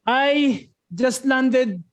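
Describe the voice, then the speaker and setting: A woman's voice: high voice, dull audio. A woman playing a bubbly alien probe landing on Earth in a live improv scene, chirping peeps and pops. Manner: chirping peeps and pops, slow giggly delivery.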